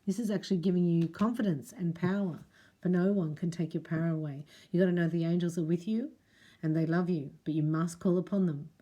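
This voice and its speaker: Woman, middle-aged, spiritual reader, casual to camera, chatty, speaks to the viewer directly, lowish pitch. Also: fairly even intonation, brisk, warm tone. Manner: chatty, addresses the viewer directly, reads prayers aloud. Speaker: spiritual reader and Reiki teacher.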